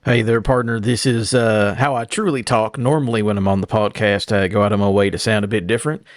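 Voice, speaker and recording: A man co-hosting a casual podcast, talking in a deadpan drawl. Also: fairly low pitch, a little fast, dry recording, clean studio sound. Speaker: podcast co-host.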